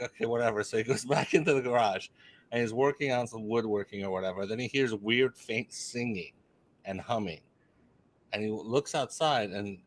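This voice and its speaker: A man co-hosting a podcast tells a story in a casual, animated way. He teases his friends and often stumbles and restarts mid-sentence. His voice sits at an ordinary middle pitch. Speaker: podcast co-host.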